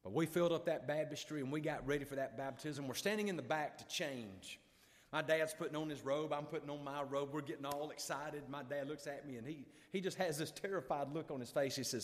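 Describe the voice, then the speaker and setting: A man's voice: on the high side, brisk. Male evangelist, emotional storyteller, big dynamic swings, reverberant church. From Alabama. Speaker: revival preacher. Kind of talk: revival sermon storytelling. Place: church sanctuary.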